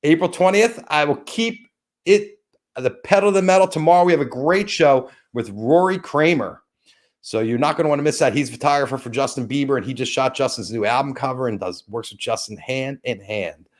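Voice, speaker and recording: A man's voice: mid-range voice, brisk. Rambling man hosting a live stream. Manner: rambling, thanks viewers by name and plugs sponsors. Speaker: host of a live-stream show. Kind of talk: casual live-stream chat.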